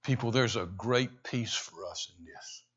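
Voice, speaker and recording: A man preaching a sermon, swinging between loud, emphatic lines and hushed, intense ones. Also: fairly low pitch, a little slow, highs cut off. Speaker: pastor.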